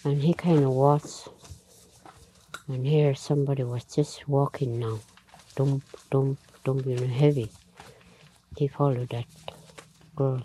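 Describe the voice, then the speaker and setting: A woman telling a traditional story aloud in a halting, unhurried way, with frequent pauses, fillers and nonstandard grammar. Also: extremely low pitch, fairly even intonation, mellow, a little hiss or hum, low-quality recording.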